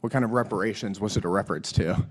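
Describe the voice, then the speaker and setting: Man, hoarse from a cold, fairly low voice; a lawmaker at a hearing, blunt, reads quotes aloud. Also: racing. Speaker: lawmaker questioning a witness. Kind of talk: congressional hearing questioning. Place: hearing room.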